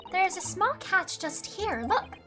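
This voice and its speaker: A woman's voice: extremely high pitch, lively intonation, slow, over loud music, pitched above the performer's own voice, full character voice. A woman voicing a polite and eager young female assistant in a video game, speaking formally.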